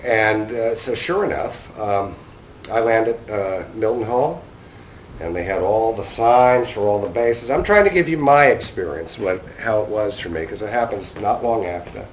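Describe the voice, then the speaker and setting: A New York man in his 50s tells a rambling, casual story at a conference, acting out the dialogue in an anecdotal talk. His lowish voice is animated at normal speed, picked up by a distant mic in the conference hall with slight background noise.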